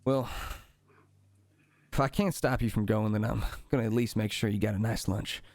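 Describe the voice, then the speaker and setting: A game master voicing a kind, worried baker father who speaks gently and hesitantly. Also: mid-range voice, fairly even intonation, moderate pace, no echo, lightly acted. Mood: tender.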